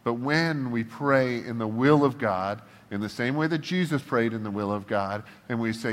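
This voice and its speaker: A man preaching in a casual, joking way, acting out his blunt prayers to God. His pitch is mid-range. The voice carries a long reverb, as if he is speaking in a large church hall. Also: normal speed, few pauses. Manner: animated, humorous, acts out prayers to God in a shifting voice. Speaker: pastor. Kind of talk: casual conversational sermon.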